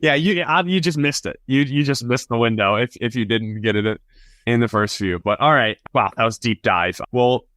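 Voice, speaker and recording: A man hosting a sports podcast in casual chat, chatty and quick with asides and laughs. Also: medium pitch, a bit bright, no room sound, clean studio sound. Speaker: podcast host.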